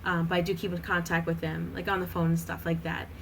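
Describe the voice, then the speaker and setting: A woman's voice: on the low side, level tone, fast, a little hiss or hum, low-quality recording. A woman in her thirties, a podcast guest chatting casually with lots of fillers and frequent laughter.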